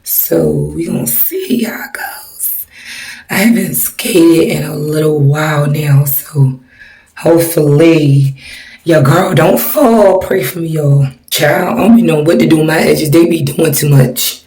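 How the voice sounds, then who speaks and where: A woman, chatting casually to her viewers in a vlog, tired and a little hoarse. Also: low voice, measured pace, a little mellow. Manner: chatty, addresses viewers as y'all. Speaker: vlogger.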